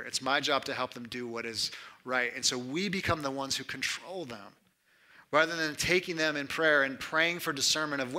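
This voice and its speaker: A man in his thirties delivering a sermon with a very bright, slightly high voice. He preaches in a chatty, conversational way, checking in with "right?" and swinging between lifted emphasis and hushed, lowered lines. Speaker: pastor.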